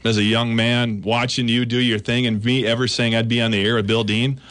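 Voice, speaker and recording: A man's voice: medium pitch, flat delivery, brisk, fairly bright tone. A man appearing as a regular guest on a radio talk show, talking earnestly and at length with jokey asides. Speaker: tax accountant guest. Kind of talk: casual radio chat. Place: radio studio.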